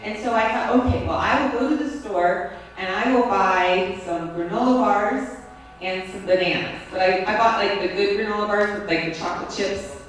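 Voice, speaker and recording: A woman's voice: medium pitch, normal speed, a little hiss or hum. Echoey far-off woman giving a lecture. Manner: conversational, checks in with "right?" and "okay?". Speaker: lecturer on teaching and the brain. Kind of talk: classroom lecture. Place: lecture room at a school. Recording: very echoey room, mic far off.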